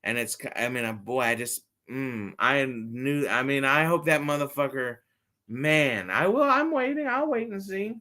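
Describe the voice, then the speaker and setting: A man's voice: medium pitch, animated, normal speed, bright, forceful tone. A man livestreaming from his phone, chatting to his viewers in a rambling, swearing, casual way about his toy collection. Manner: rambling, profane, talks straight to chat viewers.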